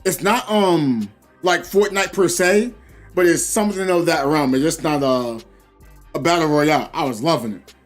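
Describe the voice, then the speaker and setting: A man's voice: on the high side, normal speed, faint music behind. A man streaming a game live and chatting casually with viewers. He rambles through stories with lots of fillers and restarts. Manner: animated, rambling storytelling with many fillers. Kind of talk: casual live-stream chat while gaming.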